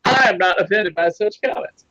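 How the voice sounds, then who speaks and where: A woman's voice: mid-range voice, moderate pace, fairly bright tone, dry recording. A woman co-hosting a casual talk show, cutting in with blunt, teasing comebacks. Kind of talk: casual chat. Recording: dull, lo-fi, dry stream audio.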